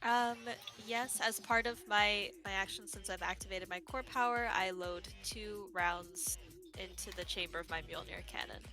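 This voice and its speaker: Bright-voiced woman declaring her turn. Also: medium pitch, fairly even intonation, moderate pace, soft background music. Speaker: player. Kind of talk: casual tabletop game chat.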